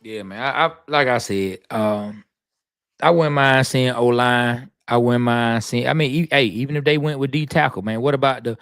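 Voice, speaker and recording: A man co-hosting a casual sports talk show, speaking in a measured way with frequent stammering restarts. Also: medium pitch, a bit bright, smooth, dry recording, clean studio sound.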